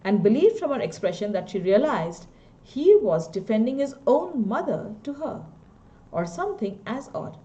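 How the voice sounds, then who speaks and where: A woman's voice: on the high side, sing-song, moderate pace, dark tone, dull audio. A woman teacher with an Indian English accent, reading a story aloud and stopping to explain its words.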